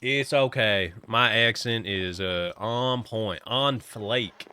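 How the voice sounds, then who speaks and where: A man's voice: lowish voice, takes it slowly, pushed and bright, clean tone. A man streaming a game, chatting casually and joking with viewers as he rambles.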